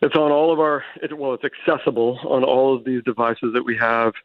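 A man guest telling his recovery story in an earnest, animated way, with quick restarts, on a Christian talk show. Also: medium pitch, no room sound. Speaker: guest author. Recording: tinny phone-line sound.

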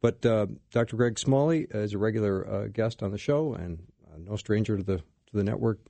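Male radio host, low and mellow, dry close studio sound, easygoing self-deprecating humor. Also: fairly quick, gravelly, no room sound. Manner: casual, self-deprecating, joking. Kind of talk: Christian talk radio conversation.

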